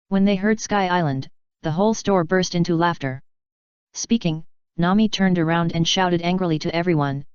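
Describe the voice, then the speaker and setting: A woman narrating a fanfiction audiobook in a steady, even read-aloud manner. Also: on the low side, normal speed, clear, resonant tone, no room sound, lo-fi sound.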